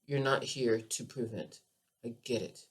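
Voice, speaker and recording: A woman talks straight to her listeners on her own podcast as a keto coach. Her delivery is emphatic and animated, full of passion. She repeats phrases to drive each point home. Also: extremely low pitch, measured pace, husky. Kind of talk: passionate health monologue.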